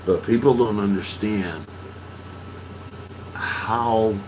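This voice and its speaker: Man, 50s, podcast host; low voice, slow, profane, halting storyteller. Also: a little mellow, a little hiss or hum, poor audio. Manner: profane, halting, with frequent restarts. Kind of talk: emotional personal storytelling.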